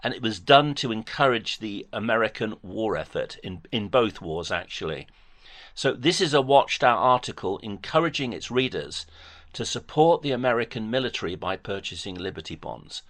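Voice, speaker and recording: A man's voice: fairly low pitch, lively intonation, normal speed, fairly bright tone. A man on a phone debate, talking formally and precisely, citing dates and page numbers carefully. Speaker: caller.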